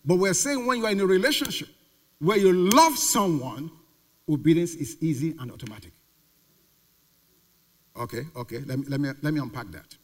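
A pastor preaching a sermon with emphatic repetition and rhetorical questions. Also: male voice, a little high, moderate pace, pauses often. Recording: reverberant hall.

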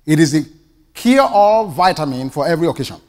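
A man with a Nigerian accent preaching a sermon with passion, dropping to hushed asides and rising to ringing declarations. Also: a little high, expressive, fairly quick. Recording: long hall reverb.

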